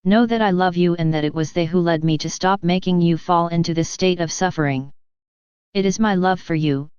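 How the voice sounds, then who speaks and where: Jesus, gentle grave divine man, read by a woman, slow consoling delivery, very smooth tone, dry close sound. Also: lowish voice, no room sound, close to an everyday voice. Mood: solemn. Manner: slow solemn consoling reading. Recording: slightly dull, dry close recording.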